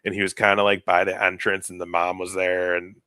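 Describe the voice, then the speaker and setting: A man's voice: low-pitched, fairly quick, clear, resonant tone, dry recording. A young man casually telling a story on a podcast, acting out the people he quotes, on a close mic. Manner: animated, acts out quoted people. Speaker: podcast co-host.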